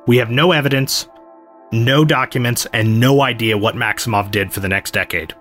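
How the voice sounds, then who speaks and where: A man's voice: medium pitch, moderate pace, a bit bright, faint music behind. A man hosting a podcast, telling a history story in a casual, explanatory way. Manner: conversational, explanatory. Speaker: podcast host.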